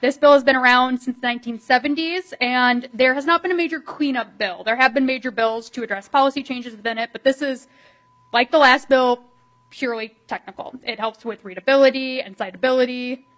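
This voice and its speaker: A woman, a state legislator presenting a bill at a committee hearing, quick and animated with many fillers. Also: sits high, low-quality recording.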